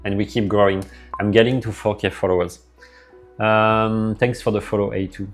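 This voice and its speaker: A man's voice: on the low side, steady tone, normal speed, faint music behind. A man with a French accent, live streaming and chatting casually with his viewers, rambling as he answers their messages aloud.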